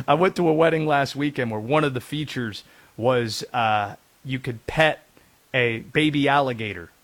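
A man's voice: medium pitch, unhurried, fairly bright tone. A man from North Carolina hosting a casual sports talk show, chatty and rambling with self-deprecating asides. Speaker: sports radio host.

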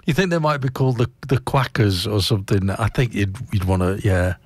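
Low-voiced radio host, rambling. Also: male voice, brisk, no room sound. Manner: rambling and self-deprecating, chuckles often. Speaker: radio breakfast show host. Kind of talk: casual radio chat. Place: radio studio. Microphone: close studio mic.

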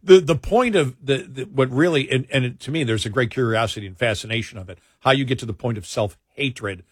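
A man from New York hosting a talk radio show, rambling and animated, mocking the voices he quotes. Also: mid-range voice, fairly quick, breathy edge, dry recording, studio quality.

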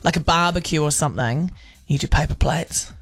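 A woman's voice: sits low, fairly quick, dry recording. A woman co-hosting a radio show, joking through casual banter. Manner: playful, jokey, animated. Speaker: radio co-host.

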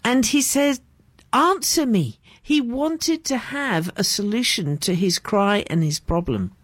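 Woman, devotional host, pastoral and gentle, very expressive pitch, dry close sound. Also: a little slow, dry recording. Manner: gentle, pastoral, addresses listener as beloved. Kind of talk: short devotional talk.

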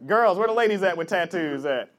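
A man hosting a comedy show and doing crowd work, teasing the audience loudly and playfully. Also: high-pitched, lively intonation, fairly quick. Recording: live club with crowd and noise.

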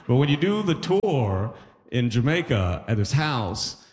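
A man performing a chatty, animated stand-up comedy set in front of a live audience. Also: medium pitch, unhurried. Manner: animated, chatty, frequent "you know what I mean". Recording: live hall with long reverb.

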